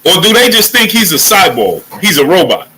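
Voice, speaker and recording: A man hosting a boxing livestream, giving shout-outs to the chat in casual, animated talk, sometimes dropping to a hush. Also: high voice, brisk, a little hiss or hum. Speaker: livestream boxing show host.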